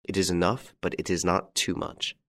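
A man playing a calm, masterful gentleman rescuer, courteous and commanding. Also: low-pitched, normal speed.

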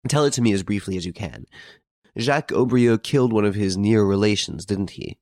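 A man reading the lines of a composed, worldly aristocratic adventurer in a storybook, calm and self-assured. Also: lowish voice, fairly quick, no echo, lightly acted.

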